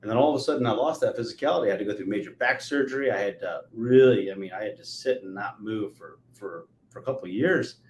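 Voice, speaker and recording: A man in his forties hosting a podcast interview, telling stories with lively energy. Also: on the low side, fast talker, hardly any pauses. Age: 40s. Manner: animated storyteller, acts out quotes. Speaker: podcast host. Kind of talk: conversational interview. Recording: echoey room.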